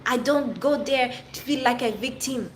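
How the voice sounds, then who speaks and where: A higher-voiced woman with as her talks straight at the camera, addressing someone who wronged her. Her voice rings around a bare, echoey room. Faint hiss sits under the recording. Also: moderate pace. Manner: direct, addresses an absent friend. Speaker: vlogger. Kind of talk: emotional personal vlog rant.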